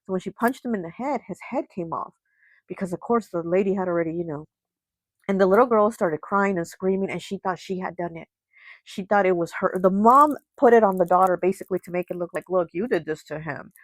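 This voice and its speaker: A woman's voice: mid-range voice, a little fast, no room sound, poor audio. A woman, host of a tarot channel, retelling a folk tale in a chatty, casual way, full of fillers. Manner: chatty, heavy with fillers like "you know" and "like". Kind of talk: casual storytelling.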